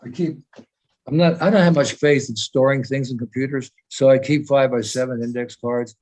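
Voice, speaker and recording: A man's voice: mid-range voice, fairly even intonation, fairly quick, a little mellow, poor audio. A man in his eighties, from the United States, giving an emphatic, rambling talk over a video call. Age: 80s. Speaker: senior devotee speaker. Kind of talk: informal talk in a meeting.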